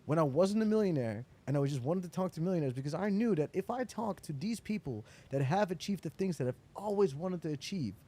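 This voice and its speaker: Animated man telling stories. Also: on the high side, fairly quick, few pauses. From Netherlands. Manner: animated storyteller, acts out quoted dialogue, swears casually. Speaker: interviewee, entrepreneur. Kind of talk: casual interview chat.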